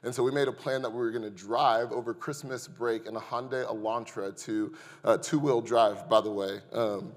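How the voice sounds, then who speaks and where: Talking a little fast with few pauses, this pastor uses his fairly low voice to tell the congregation a humorous story from his own life. The sanctuary's long reverb carries his lively, joking sermon.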